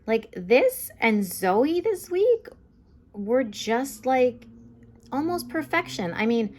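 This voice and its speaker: A woman's voice: fairly high pitch, big pitch swings, slow, darkish tone. A young woman giving a casual, chatty TV episode recap and review, full of fillers like "um" and "like". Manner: chatty, lots of fillers like "like" and "um", acts out quotes.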